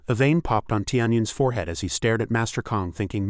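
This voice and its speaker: A man narrating a story recap in a steady, even storytelling way. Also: lowish voice, fairly quick, hardly any pauses, no echo, clean studio sound.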